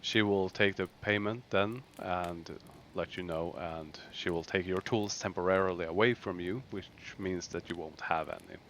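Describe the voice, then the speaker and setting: Low-voiced man running a tabletop game. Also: moderate pace, few pauses, a bit bright, slight background noise. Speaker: dungeon master.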